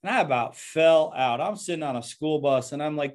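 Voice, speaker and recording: A man's voice: a little high, a little fast, hardly any pauses. Earnest man pastor telling his story. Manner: earnest, reflective, often repeats words as he talks. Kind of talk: personal storytelling interview.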